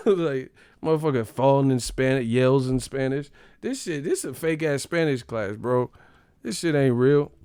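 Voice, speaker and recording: Gravelly man, profane rambling stream chat. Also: a little high, lively intonation, takes it slowly, darkish tone, no echo, clean studio sound. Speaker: livestream host. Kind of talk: casual livestream chat.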